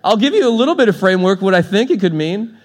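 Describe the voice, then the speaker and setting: A man's voice: high-pitched, lively intonation, fast. A man preaching a sermon in a church, telling stories with a playful manner and laughing often. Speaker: pastor.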